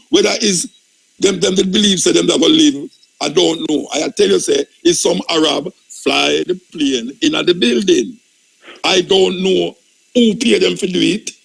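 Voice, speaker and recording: A man's voice: sits high, gravelly, slightly rough, rough recording. A man with a Jamaican accent hosting a radio talk show, arguing insistently, interrupting and repeating himself. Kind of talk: heated radio debate. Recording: radio broadcast.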